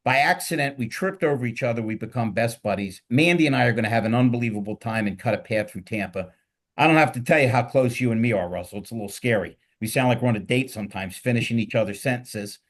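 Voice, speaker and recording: Middle-aged male host, Philly accent, rambling and jokey, energetic panel banter. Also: medium pitch, fast. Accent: Philadelphia. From Philadelphia. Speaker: podcast host. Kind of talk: casual panel talk.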